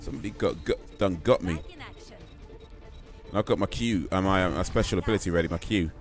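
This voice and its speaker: Playing a game on a live stream from home in the UK, a weary-sounding man talks casually and responds to viewer comments. He speaks briskly in a low voice over soft background music.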